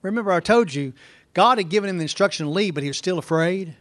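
A man with a noticeably high voice teaches through a scripture passage verse by verse. His delivery is conversational, and he keeps turning to the congregation with rhetorical questions. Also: animated, fast, a bit bright. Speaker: preacher.

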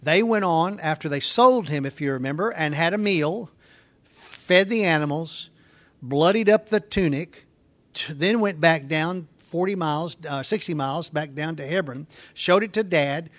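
A man's voice: on the high side, moderate pace, fairly bright tone. A man teaching a conversational Bible lesson, explaining in an informal way with fillers and restarts.

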